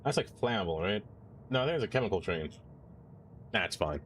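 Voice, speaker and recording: A man streaming live, chatting casually and playfully as he plays and reacts out loud. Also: fairly low pitch, lively intonation, moderate pace, a little hiss or hum. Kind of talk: casual live-stream chat while playing.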